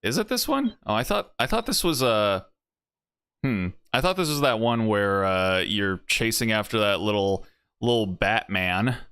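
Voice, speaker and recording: A man's voice: on the low side, lively intonation, a little slow, a bit bright, clear, resonant tone. A man streaming a video game with casual, rambling, jokey commentary, often breaking into laughs. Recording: faint music underneath.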